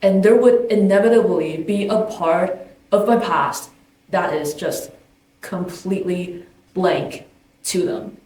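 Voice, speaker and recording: A woman's voice: medium pitch, takes it slowly. A woman giving a candid, thoughtful personal reflection as a documentary interviewee. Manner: candid, thoughtful, with casual fillers. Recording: roomy distant mic. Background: soft guitar music.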